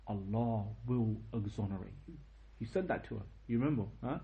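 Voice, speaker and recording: A young man giving an informal religious lecture, telling a story with lively asides and checking questions to his listeners. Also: lowish voice, fairly quick, gravelly, few pauses, roomy sound, muffled recording. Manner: animated storytelling, tag questions, quotes in Arabic. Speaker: teacher of a history lesson.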